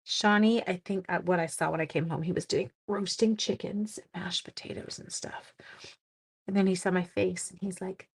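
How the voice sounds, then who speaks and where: Woman, forties, craft live stream host, chatty, lower pitch, reads viewer names aloud. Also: steady tone, brisk, creaky, hardly any pauses, slightly rough. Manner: chatty, talks to viewers by name while crafting. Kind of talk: casual live stream chat while card making.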